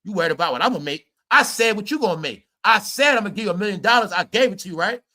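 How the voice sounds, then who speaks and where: Brash high-voiced man ranting. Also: expressive, racing, sharp tone. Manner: brash, mocking, repeats "y'all" and "bro". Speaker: commentary streamer. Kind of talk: ranting commentary.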